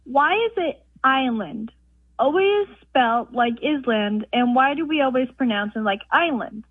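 A woman's voice: sits high, expressive, normal speed, slightly rough, dry recording. A teenage girl calling in to a radio show, asking a question in a hesitant way. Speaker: radio caller. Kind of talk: casual phone question. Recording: tinny phone line.

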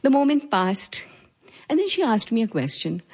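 Indian woman in her forties, breathy voice, personal storyteller with a measured, reflective delivery. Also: a little high, big pitch swings, darkish tone. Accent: Indian English. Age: 40s.

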